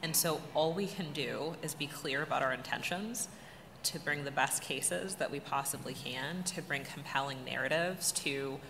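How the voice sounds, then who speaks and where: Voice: mid-range voice, normal speed, vocal fry. A panelist speaking carefully, with frequent fillers. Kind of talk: panel discussion. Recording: echoey hall with audible noise.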